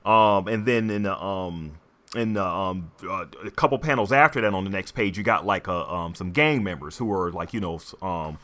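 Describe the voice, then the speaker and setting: A young man co-hosting a podcast, talking haltingly with lots of ums and restarts. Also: deep voice, a bit bright. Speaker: podcast co-host. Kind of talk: casual chat.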